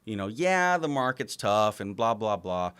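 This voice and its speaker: A man's voice: on the low side, normal speed, smooth. A man co-hosting a podcast, telling stories in casual chat, acting out quotes and swearing freely. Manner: animated storytelling, swearing, acts out quotes. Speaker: podcast co-host.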